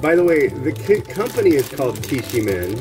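A man's voice: medium pitch, very animated, brisk. A man hosting a cooking show, chatting casually in a rambling, wry, offhand way. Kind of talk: casual chat while cooking. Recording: music playing underneath.

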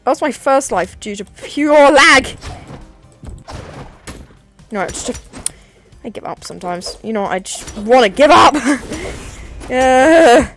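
A woman giving live commentary over her own gameplay, excitable and complaining as she plays. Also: high voice, slow pace, pauses often, soft background music. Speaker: gaming video creator.

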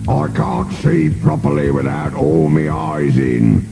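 Man putting on a slow booming fat monster boss, ranting and impatient, storybook voice. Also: huge pitch swings, creaky, over loud music, exaggerated voice. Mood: angry. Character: huge, fat, ill-tempered male monster master.

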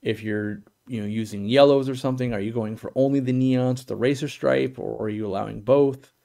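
A man's voice: mid-range voice, steady tone, a little fast, creaky, dark tone. A middle-aged man hosting a live stream, answering viewer questions in a blunt, opinionated, rambling way with many restarts. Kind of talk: casual live Q&A chat.

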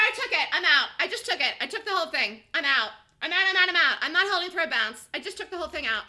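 A woman day trader giving excited live commentary on her trades, swinging between muttered asides and shouted calls. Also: very high-pitched, quick pace, few pauses. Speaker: day trader streaming a live trading room.

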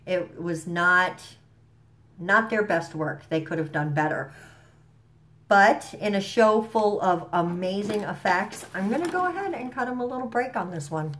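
A woman's voice: mid-range voice, animated, measured pace, a bit bright. A woman vlogger casually recapping a TV episode, rambling with slang and fillers, a bit stuffy from allergies, at home. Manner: chatty, rambling, enthusiastic, with frequent fillers and slang.

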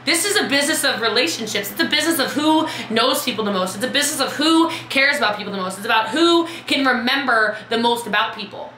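A woman coaching her team on a live video, chatty and lively, calling out viewers by name. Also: fairly high pitch, fast talker, few pauses, reverberant, slight background noise, low-quality recording. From Texas. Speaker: business coach.

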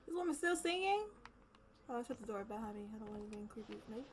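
Woman gamer, casual let's-play talk, jumpy and exclaiming, slightly high voice, noisy recording. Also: expressive, quick pace. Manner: jumpy, exclaiming, repeats herself when nervous. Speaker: gamer streaming a horror game. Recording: noticeable background noise.

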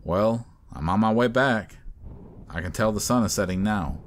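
A curt, edgy young hunter alone in the woods, voiced by a man narrating a horror story. His voice sits low and deep, and he snaps his lines out tersely. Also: normal speed, a little hiss or hum, natural voice.

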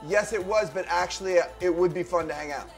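A woman's voice: lowish voice, quick pace, soft background music. A woman hosting casual chat, teasing and prodding her friend.

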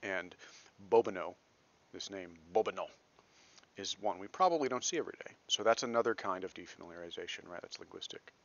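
A man's voice: low voice, a little fast, lo-fi sound. A man from Texas giving a recorded literature lecture, conversational, with self-deprecating asides and frequent checks of "right?".

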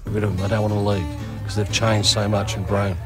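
A man's voice: on the low side, level tone, brisk. A man speaking earnestly in a documentary interview about young offenders. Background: documentary music.

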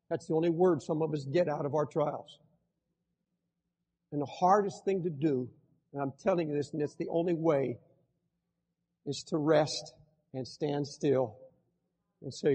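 An older man preaching a sermon as pastor, with fervent swings between shouting and hushed tones. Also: on the high side, a little slow, long pauses, breathy edge, long reverb tail.

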